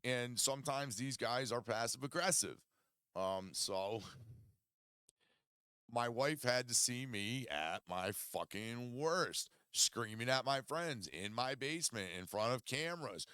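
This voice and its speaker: A man's voice: medium pitch, expressive, measured pace, sharp tone, clear, resonant tone, no room sound, clean studio sound. A man hosting a podcast from his basement, telling a rambling, profanity-heavy story in casual chat. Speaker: podcast host. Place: home basement studio.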